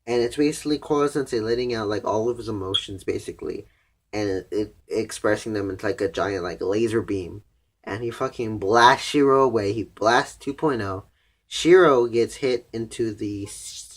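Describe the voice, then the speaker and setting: Casual, cursing young man recapping anime. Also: lowish voice. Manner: rambling, profane, heavy use of "like". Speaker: anime reviewer.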